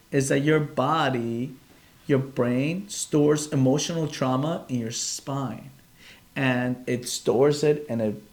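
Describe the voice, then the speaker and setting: The man, a chiropractor, has a mid-range voice with a darkish tone. He chats casually on a live podcast from his phone, rambling earnestly and cutting himself off mid-sentence again and again.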